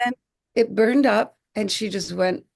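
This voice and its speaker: A woman in her forties, a podcast guest, telling stories in an animated way, acting out quotes and often restarting her phrases. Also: mid-range voice, unhurried, creaky. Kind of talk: conversational podcast storytelling.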